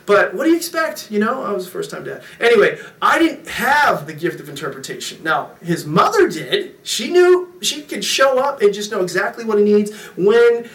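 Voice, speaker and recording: Middle-aged guy preaching, high bright voice, jokey storyteller, echoey room a ways off the mic. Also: moderate pace, few pauses, far from the mic. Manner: storytelling, jokey, animated with impressions. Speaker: pastor. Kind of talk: sermon.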